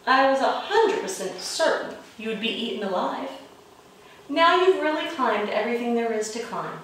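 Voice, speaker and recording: A woman reading a picture book aloud to children in a playful, expressive way, with roars and chuckles, recorded in an echoey room from far off. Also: fairly high pitch, normal speed, a little hiss or hum. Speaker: children's librarian.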